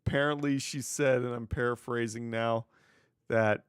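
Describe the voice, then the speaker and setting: Hosting his own wrestling news podcast, a man offers casual solo commentary, sarcastic and swearing freely. His medium-pitched voice holds a steady, clean tone at a moderate pace, captured in clean studio sound with no room noise.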